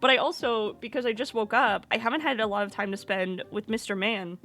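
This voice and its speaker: A woman streamer chatting casually and with animation, slipping into high baby talk with her pet bird. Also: steady tone, brisk, fairly bright tone, faint music behind.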